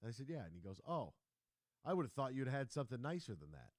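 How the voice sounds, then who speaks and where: A man hosting a sports radio show, telling stories in a casual, animated way and acting out the quotes. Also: mid-range voice, fast, no echo, studio quality. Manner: animated storyteller, acts out quotes, laughs.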